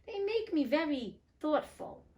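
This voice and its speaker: A trusting, simple little mouse from a storybook, earnest and full of puzzled questions, as a woman reads it. The voice sits a touch higher and brighter than a plain reading voice. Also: big pitch swings, a little slow. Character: good, trusting, naive mouse.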